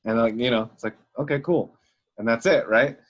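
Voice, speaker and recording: A young man co-hosting a casual podcast chat, talking in an animated way and acting out the people he quotes. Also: medium pitch, fast, highs cut off. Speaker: podcast co-host. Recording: online call audio.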